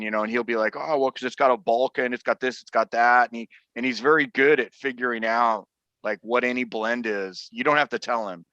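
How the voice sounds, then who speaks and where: Male guest, relaxed storyteller, dry wit; crisp forceful tone, dead-dry lo-fi sound. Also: mid-range voice, dry recording. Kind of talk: casual conversation and anecdote. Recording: dry, dull lo-fi call audio.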